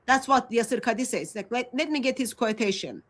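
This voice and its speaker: A woman with a fairly high voice and a talks through her points on a casual livestream. She speaks haltingly, with many ums and restarts. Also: rough recording. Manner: hesitant, many fillers and restarts. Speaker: Christian apologist presenter.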